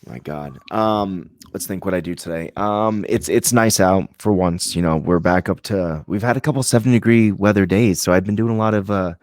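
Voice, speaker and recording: A man's voice: low-pitched, normal speed, hardly any pauses, a little mellow, no room sound, clean studio sound. A man from Vermont co-hosting a podcast, chatting casually in a rambling, joking way with a lot of swearing. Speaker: podcast co-host. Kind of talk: casual chat.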